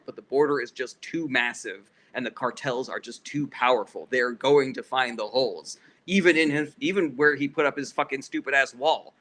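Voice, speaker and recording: Male livestream host, bright forceful tone, casual profane rants. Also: mid-range voice. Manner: heated, profane, blunt political ranting. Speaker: livestream host answering chat questions.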